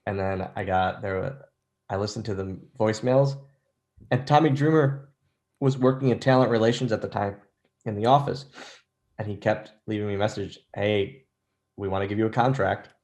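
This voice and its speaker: A man's voice: on the low side, moderate pace, a little mellow. A man in his thirties telling rambling, self-deprecating stories as an interview guest, with lots of restarts. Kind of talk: casual storytelling interview.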